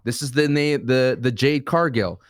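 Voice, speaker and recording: A man's voice: mid-range voice, moderate pace, dry recording, clean studio sound. A man co-hosting a podcast, arguing in casual banter with playful mock grief and bursts of stammering. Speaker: podcast co-host.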